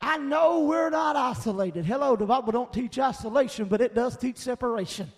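A man preaching a sermon with a Southern Appalachian accent, rising into shouted emphasis and punctuating his points with "Amen" and "Hello.". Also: very high-pitched, a little fast, gravelly. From American South. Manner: fiery preaching that swells into shouts, with frequent call-outs of "Amen" and "Hello".

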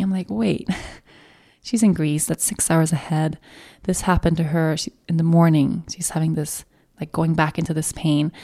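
A woman's voice: low voice, gravelly, dark tone. A young woman hosting a podcast, telling an emotional, confessional personal story, swearing and trailing off as she goes. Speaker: podcast host.

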